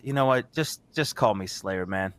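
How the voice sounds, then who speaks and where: Guy doing a grumpy prickly hero warrior, short snappy answers, low voice. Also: clean tone, lightly acted. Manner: curt, irritable, drawn-out emphasis. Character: touchy male warrior hero, gruff and prickly.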